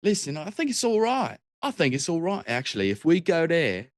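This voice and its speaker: A man's voice: a little high, wildly swooping pitch, a little fast, no echo, clean studio sound, pitched above the performer's own voice. A man voicing a showy, washed-up bard with a put-on Cockney accent. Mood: chummy.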